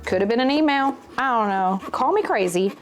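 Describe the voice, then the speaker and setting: A woman's voice: fairly high pitch, lively intonation, normal speed, background noise. Wry woman chatting while she crafts. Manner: wry, sardonic storytelling. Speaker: vlogger. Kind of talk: casual monologue while crafting.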